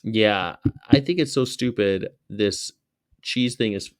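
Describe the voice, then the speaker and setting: A man's voice: medium pitch, measured pace. A man hosting a reaction video, casual, profane and mocking, rambling from one thought to the next.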